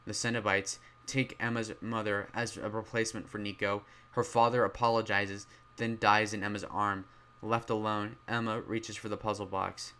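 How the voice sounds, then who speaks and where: A man reviewing horror films in a loud, rambling way, full of fillers and restarts, his voice strained from talking loudly. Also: on the low side, flat delivery, normal speed, clean tone. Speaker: movie reviewer. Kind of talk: casual spoken film review.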